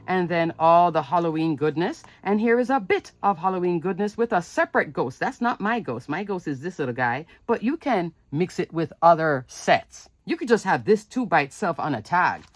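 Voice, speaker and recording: Lady crafter gushing over her cards, kinda low voice, super dry close mic. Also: no echo. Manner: chatty and enthusiastic, lots of asides. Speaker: papercraft channel host. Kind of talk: casual show-and-tell of handmade cards.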